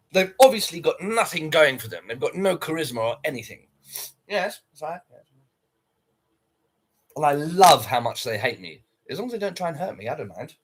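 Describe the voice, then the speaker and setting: A man's voice: on the high side, fairly bright tone, slightly rough. A man casually chatting on a livestream, reacting to viewer comments in a blunt, sweary way. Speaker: livestreamer reading chat.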